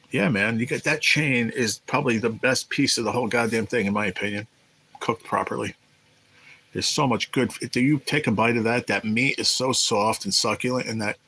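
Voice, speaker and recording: A man with a lowish, sharp, husky voice hosts a live stream, chatting casually with viewers and reading chat aloud. He tells rambling, profane stories about his time as a restaurant cook. The recording quality is low.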